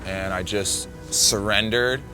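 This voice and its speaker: A man telling the story of a surfing wipeout in a casual, halting way, full of fillers and quoted thoughts. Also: lowish voice, steady tone, over music. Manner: vivid, halting retelling with many fillers and self-quotes. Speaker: surfer recounting a wipeout.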